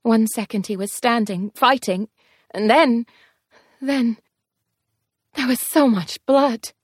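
A woman's voice: a little high, slow pace, no room sound, studio quality. A woman narrating a first-person fantasy story in an audiobook, telling it expressively. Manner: expressive, tense storytelling pace shifts.

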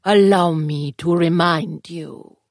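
A woman voicing a cruel, sneering male demon in an audiobook, with a low, breathy, menacing drawl. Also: steady tone, no room sound, clean studio sound. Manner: slow, taunting drawl with soft hissed words. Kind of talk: audiobook character voice.

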